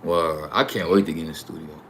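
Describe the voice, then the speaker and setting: A man's voice: a bass voice, steady tone, brisk, a bit bright, a little hiss or hum. A young man with a New York accent, chatting boastfully on his livestream in heavy slang and profanity. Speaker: YouTube livestreamer. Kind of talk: casual livestream chat.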